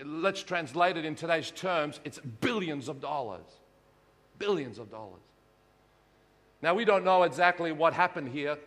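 A pastor preaching a sermon, swinging between hushed lows and shouted peaks. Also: male voice, in a large hall.

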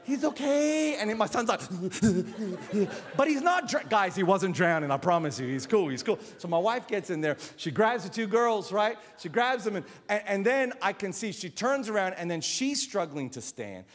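Male pastor, middle-aged, lively sermon storyteller with a very expressive pitch. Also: normal speed, few pauses, big-room sound. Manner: animated storytelling, acts out voices.

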